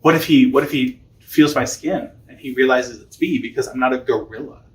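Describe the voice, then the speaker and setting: A man's voice: mid-range voice, brisk, close to an everyday voice, low-quality recording. A man voicing a nervous younger son who stammers and hesitates while trying to deceive, in a casual retelling.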